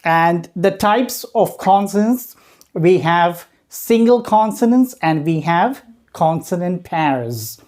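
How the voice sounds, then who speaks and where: A woman giving a training talk on voice and accent, explaining step by step, often pausing with "uh" and checking in with "right?". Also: lowish voice, animated, darkish tone. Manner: hesitant, frequent "uh" pauses.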